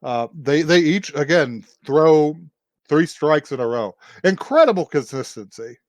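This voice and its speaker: Lively, animated male podcast storyteller. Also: fairly high pitch, unhurried, no room sound. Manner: rambling, animated storytelling that acts out characters' lines. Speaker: podcast co-host. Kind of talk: casual chat recapping an anime episode.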